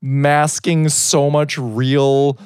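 A woman's voice: deep voice, flat delivery, very slow, darkish tone, clean tone, dry recording. A woman co-hosting a casual podcast chat, reacting bluntly with swearing and frequent laughter.

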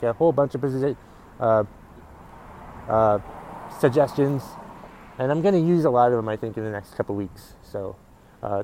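A man's voice: medium pitch, dark tone, slight background noise, poor audio. Profane grumbling man ranting outdoors. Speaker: comedian podcast host. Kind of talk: casual solo podcast rant. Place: outdoors in public.

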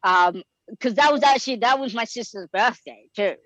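A man's voice: very high-pitched, moderate pace, highs cut off. A man telling stories as a guest in a casual interview. He is chatty and fills his talk with "like" and "um". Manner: chatty, frequent "like" and "um" fillers, lively retelling. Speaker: guest actor.

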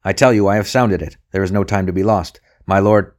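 A man doing a sharp, impatient searcher. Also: lowish voice, steady tone, brisk, clean tone, close to an everyday voice. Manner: sharp, insistent. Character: gruff impatient male searcher.

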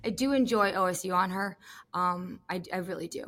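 Bright, gushing woman podcast host. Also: on the low side, brisk. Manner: animated, gushing, jokey. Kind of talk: casual chat about gymnastics.

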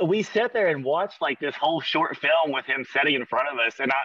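A man co-hosting a horror podcast, chatting casually in a relaxed, halting way with many fillers. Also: on the high side, husky, no echo, dull audio. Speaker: podcast co-host. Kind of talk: casual chat.

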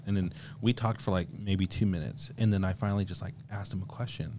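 A man's voice: deep voice, steady tone, fast, few pauses, noisy background. A young man, a coworker guest on a podcast, telling self-deprecating stories in casual chat. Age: young adult.

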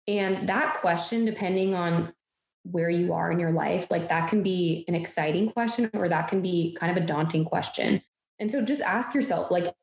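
A woman's voice: fairly low pitch, fairly even intonation, moderate pace, gravelly. Upbeat woman co-host, echoey room. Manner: upbeat, encouraging. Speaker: podcast co-host. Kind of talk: motivational podcast chat.

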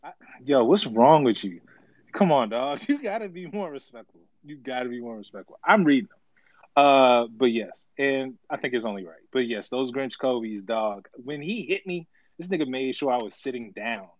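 A man co-hosting a casual live audio chat, animated and quick to laugh while trading playful jabs. His voice sits in a middle pitch and sounds dry and a little dull, like lo-fi stream audio. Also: no echo. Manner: animated, laughs often, playful trash talk. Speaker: podcast co-host.

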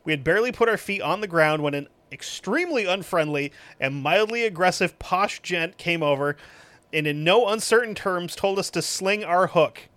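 A man with a somewhat high voice reads reviews aloud and cuts in with sarcastic, profane, deadpan asides. The sound is dry and close, with no room around it. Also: normal speed, no echo. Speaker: podcast host. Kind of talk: reading reviews aloud with comic commentary.

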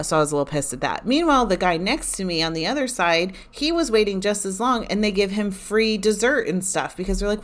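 A woman's voice: medium pitch, lively intonation, brisk, hardly any pauses. A woman vlogger telling a casual story in a chatty, candid way that often turns exasperated. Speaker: vlogger recounting a theme park trip.

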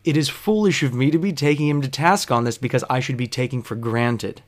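A man's voice: mid-range voice, brisk. A man, a bartender, telling a comic story in an exasperated, incredulous way, with plenty of swearing.

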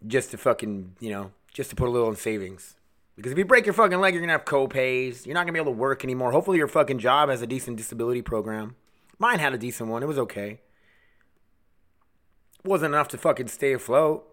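A man hosting a solo podcast, ranting angrily with constant swearing, swinging between shouted outbursts and low mutters. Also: animated, fast talker. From United States. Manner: angry, swearing constantly, heated. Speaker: podcast host.

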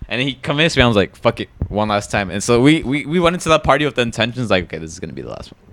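A man's voice: medium pitch, very animated, very fast, fairly bright tone, a little hiss or hum. A man, co-hosting a podcast in casual chat and rambling through party stories with heavy swearing and slang. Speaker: podcast co-host.

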